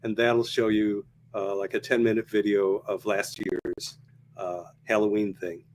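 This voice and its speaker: A man's voice: fairly low pitch, flat delivery, a little slow, a little hiss or hum. A man who is a podcast guest, chatting casually and chuckling often. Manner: chuckling, easygoing. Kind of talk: casual chat.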